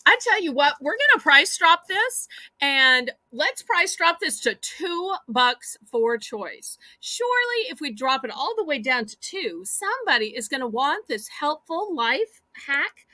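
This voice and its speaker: A woman with a Southern American accent hosting a live home-shopping auction, with chatty, animated selling patter. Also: high voice, a little slow, dry recording.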